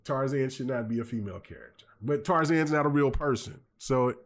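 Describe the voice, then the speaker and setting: A man hosting a gaming podcast, telling stories in a lively, rambling way full of fillers and restarts. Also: mid-range voice, brisk. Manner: animated storyteller, many fillers and restarts. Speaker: podcast host. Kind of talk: casual chat.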